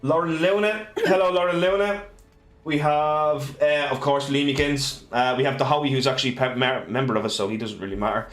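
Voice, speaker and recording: A man's voice: mid-range voice, fairly even intonation, brisk, a bit bright. An Irish man in his twenties, a game master hosting a casual livestream, recapping with jokes, fillers and restarts. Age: 20s. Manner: joking, rambling, many fillers and restarts. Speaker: game master and stream host.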